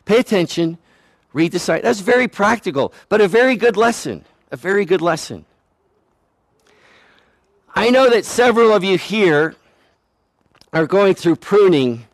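A pastor delivers his sermon in a relaxed, conversational way, poking fun at himself and acting out the people he quotes. He is a man with a fairly high-pitched voice. The recording is dry and close, with almost no room sound. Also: no room sound. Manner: conversational, self-deprecating, acts out quoted voices.

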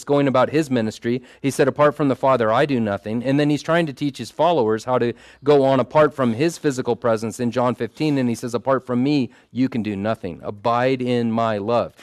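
Man, mid-pitched, preaching a heartfelt sermon, dry close recording. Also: a little mellow, no room sound. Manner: earnest, emphatic, asks the group for "Amen?". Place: small gathering in a circle.

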